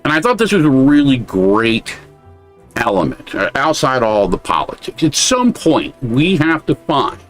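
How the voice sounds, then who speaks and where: Soft background music accompanies this American podcast co-host, whose mid-range voice swings widely in pitch at a slightly slow pace. He comments bluntly and casually, swearing a great deal.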